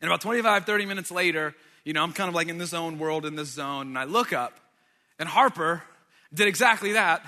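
A man in his thirties, a pastor, telling a personal story in a sermon with animated delivery and loud exasperated outbursts. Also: fairly high pitch, fairly quick. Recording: reverberant hall sound.

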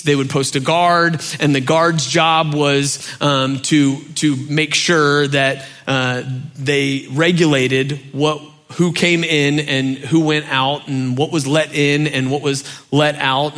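Animated pastor, bright voice. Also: male voice, mid-range voice. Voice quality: animated storyteller, acts out shouting parents. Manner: conversational with many fillers, drops soft for key points. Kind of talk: sermon.

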